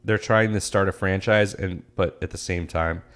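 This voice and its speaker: Male podcast co-host, low voice, deadpan and casual. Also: normal speed. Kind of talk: casual chat.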